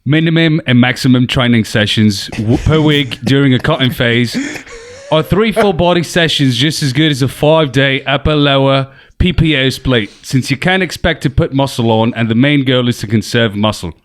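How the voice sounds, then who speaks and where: Male co-host, podcast, reads questions, wisecracks, mid pitch. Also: normal speed. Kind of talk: casual podcast chat.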